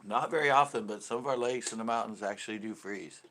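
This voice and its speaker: A fishing channel host from California chats with viewers during a laid-back live stream. His voice sits on the low side, sharp in tone and fast, and he rambles, cracks jokes, and laughs frequently.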